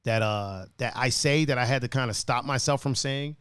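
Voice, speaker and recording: A man's voice: mid-range voice, moderate pace, fairly bright tone, clean tone, dry recording. A man with an East Coast accent and D.C. slang, hosting a casual livestream chat, laid-back and laughing often. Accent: East Coast, D.C. and Baltimore slang. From Washington, D.C. area. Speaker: host.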